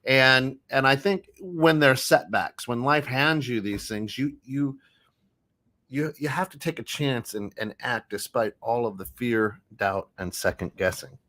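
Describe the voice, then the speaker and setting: A man's voice: medium pitch, unhurried, bright, forceful tone. A man co-hosting a podcast, talking earnestly in a casual motivational chat, often repeating words. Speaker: podcast co-host.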